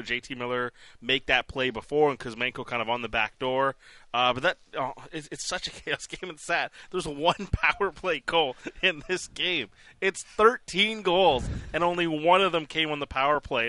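A man hosting a post-game hockey talk show, animated and full of restarts. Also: mid-range voice, no room sound. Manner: animated, restarts often, laughs while talking. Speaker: sports podcast host.

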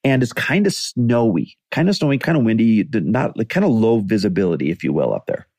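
Low-voiced man telling a candid story. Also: big pitch swings, a little fast, a little mellow, husky, no room sound, clean studio sound. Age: 40s. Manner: candid, conversational, acts out quoted dialogue. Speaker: motivational podcast host. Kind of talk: personal storytelling monologue.

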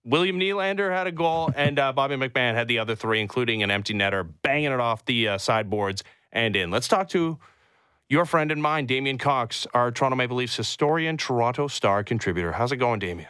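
A man hosting a sports radio show with brisk, jokey delivery. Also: mid-range voice, expressive, bright, forceful tone, clear, resonant tone, dry recording, clean studio sound. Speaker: radio host.

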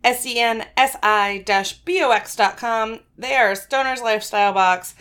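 A young woman co-hosts a laid-back podcast, giggly and prone to wandering off topic. Her voice sits a little high with a bright, sharp edge. She reads sponsor spots in a relaxed, chatty way. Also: moderate pace, smooth. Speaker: podcast co-host. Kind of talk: casual chat, reading sponsor ads.

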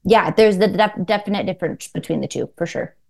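Female business owner on a coaching call, gravelly voice, hesitant delivery. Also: medium pitch, fairly quick, a little mellow. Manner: hesitant, restarts sentences. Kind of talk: casual conversation.

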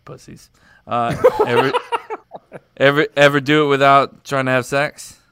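A man hosting a casual podcast, joking and swearing as he fires off quick questions. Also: medium pitch, flat delivery, a bit bright, clean tone, dry recording, clean studio sound. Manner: joking, profane, quizzing quickly. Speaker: podcast host.

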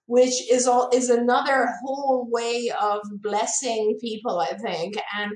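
A woman's voice: on the high side, fairly even intonation, measured pace, a little mellow, echoey room, low-quality recording. A woman host speaking earnestly and effusively in a grateful conversation. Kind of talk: warm appreciative conversation.

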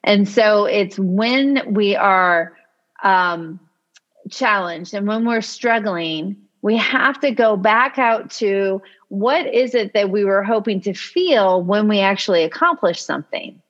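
A woman co-hosting a casual motivational chat, explaining ideas in a reflective way with occasional "um" pauses. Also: medium pitch, fairly bright tone, muffled recording. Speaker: podcast co-host.

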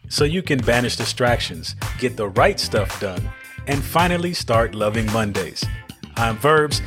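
A man hosting a podcast, upbeat and welcoming, with dry little quips in casual chat. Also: medium pitch. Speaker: podcast host.

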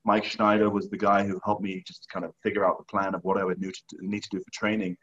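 A man in conversation telling a long story with lively acted-out quotes. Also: deep voice, quick pace, dull audio. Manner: animated, acts out quoted dialogue. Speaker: guest, skier.

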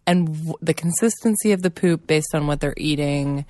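A woman's voice: sits low, normal speed, dark tone, no echo. A mother casually chatting as a podcast co-host, enthusiastic and laughing as she talks. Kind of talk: casual chat.

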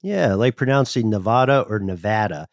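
A man's voice: lowish voice, normal speed, no echo, studio quality. A man co-hosting a casual history podcast, with wry joking asides. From Atlanta, Georgia, US. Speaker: podcast co-host.

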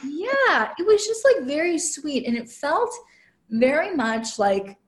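A woman's voice: high voice, slow pace. A woman guest and relationship coach telling a personal story in casual chat, full of "like" fillers and quoted asides. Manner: chatty, heavy use of "like" fillers; quotes herself and others in lively asides.

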